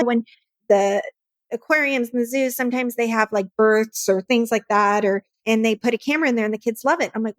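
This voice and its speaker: A woman's voice: fairly high pitch, dry recording. A woman who founded a nonprofit, earnestly telling her own story in an interview and acting out her past conversations. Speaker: nonprofit founder, podcast guest.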